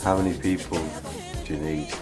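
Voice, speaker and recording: A woman voicing a deadpan male sidekick who drops dry one-liners. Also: very deep voice, fairly quick, music in the background, voice pushed down. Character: deep-voiced deadpan male sidekick Trev.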